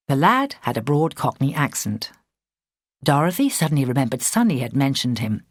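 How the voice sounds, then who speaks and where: A woman narrating a story in a measured storytelling voice, close to a studio mic. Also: rumbling low, very animated, no room sound. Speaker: audiobook narrator. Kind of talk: scripted narration.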